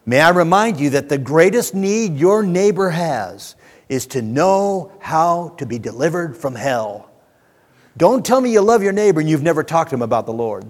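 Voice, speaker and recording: Animated preacher in an echoing hall. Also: male voice, fairly high pitch. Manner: animated preaching, rising to emphatic declarations with folksy asides. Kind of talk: sermon.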